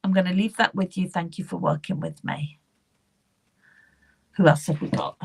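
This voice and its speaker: A woman's voice: lowish voice, wildly swooping pitch, normal speed, gravelly, darkish tone, husky. A woman giving live psychic readings, speaking earnestly and repeating herself as she addresses viewers by name. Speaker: psychic medium.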